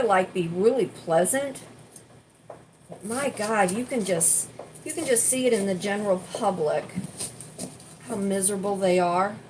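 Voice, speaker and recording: A chatty woman talks casually as she cooks in a home kitchen, sharing stories and venting. Her voice sits at an ordinary middle pitch. A faint hum of room noise is heard behind her. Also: rough recording. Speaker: vlogger. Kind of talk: casual chat while cooking.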